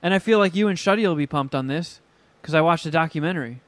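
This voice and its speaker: Casual podcast co-host, male, fairly high voice, swears freely, acts out the people he quotes. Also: fast, no echo. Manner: profane, animated storytelling with acted quotes. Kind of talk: casual chat.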